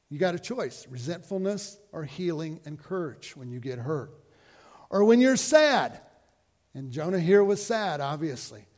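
A man's voice: high voice, a little mellow, long reverb tail. A man preaching a sermon as pastor, in a folksy, conversational way with rhetorical questions to the congregation.

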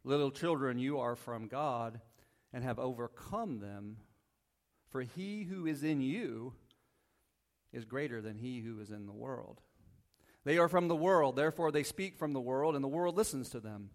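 A man's voice: medium pitch, expressive, measured pace. A man preaching a conversational sermon as a pastor, reading Bible verses, often checking in with the congregation and joking lightly. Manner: casual, asks the congregation "right?" often, jokes lightly. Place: church sanctuary.

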